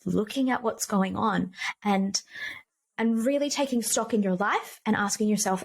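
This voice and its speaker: A woman's voice: medium pitch, moderate pace, gravelly, slightly rough. A woman guest, a period coach, speaking earnestly and emphatically in a casual podcast interview.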